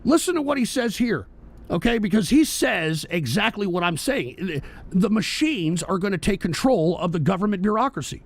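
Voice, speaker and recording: A man's voice: sits high, lively intonation, normal speed. A male talk radio host ranting about politics, profane, heated and emphatic.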